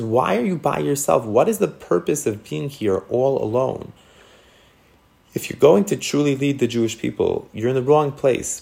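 A man's voice: fairly low pitch, creaky, a little mellow. A man teaching a text class on scripture, asking his students questions and thinking aloud as he explains. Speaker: Torah teacher.

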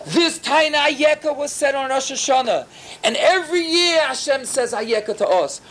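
A man giving a sermon as a rabbi to his students, animated and acting out biblical dialogue while peppering his English with Yiddish and Hebrew terms. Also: extremely high pitch, moderate pace. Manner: animated, acts out biblical dialogue in character voices.

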